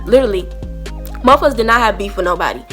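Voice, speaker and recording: A young woman, telling an animated storytime to camera and acting out both sides of a heated argument. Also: mid-range voice, racing, faint music behind. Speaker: storytime vlogger.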